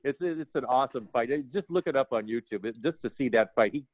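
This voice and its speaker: An older man, a film production designer, telling lively anecdotes in an interview and acting out the dialogue he quotes. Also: mid-range voice, quick pace, dry recording. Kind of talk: storytelling interview. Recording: tinny phone line, dry.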